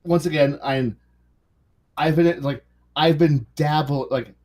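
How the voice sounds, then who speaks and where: A man's voice: on the high side, takes it slowly, darkish tone. A man co-hosting a casual podcast about tabletop role-playing games, rambling with many restarts and fillers. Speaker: podcast co-host.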